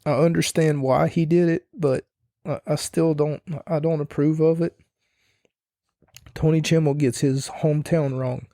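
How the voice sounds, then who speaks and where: A man's voice: fairly high pitch, fairly even intonation, a little slow, mellow, no room sound, studio quality. A young man hosting a podcast, rambling casually and opinionated, swearing now and then. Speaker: podcast host. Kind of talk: casual wrestling review monologue.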